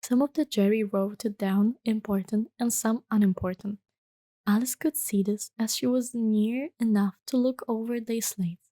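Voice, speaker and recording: Soft-spoken woman reading a bedtime story. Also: fairly high pitch, steady tone, moderate pace, dry recording. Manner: gentle, hushed, slipping into whispers. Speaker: ASMR storyteller.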